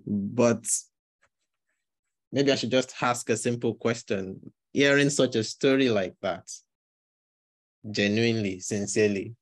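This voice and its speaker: A man leading an online group discussion over a video call, asking gentle questions with many pauses. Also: fairly low pitch, no room sound. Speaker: leader of an online group session.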